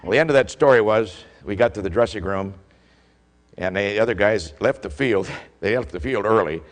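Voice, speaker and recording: An older man, a former football official, telling an animated story as a speaker, acting out the calls he shouted. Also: lowish voice, normal speed. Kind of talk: storytelling speech. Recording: long hall reverb.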